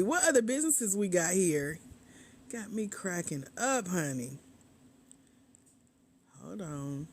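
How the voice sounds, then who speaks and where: A woman's voice: fairly low pitch, slight background noise. A woman grant coach chatting on a livestream from her bed, reading viewer comments aloud and laughing often, a bit sleepy. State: sleepy, fighting a nap. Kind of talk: casual livestream chat. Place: home, in bed. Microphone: tablet.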